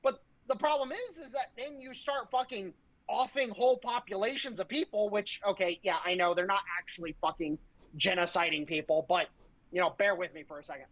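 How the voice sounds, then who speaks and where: A woman's voice: mid-range voice, fairly quick, highs cut off. A woman, a podcast co-host, ranting in heated, profane political talk full of sarcasm.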